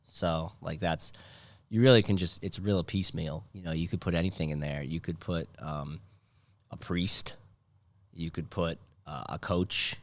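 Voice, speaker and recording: A man hosting a casual comedy podcast, rambling and sardonic, breaking into loud mocking impressions. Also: low voice, dry recording. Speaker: podcast host. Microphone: studio mic.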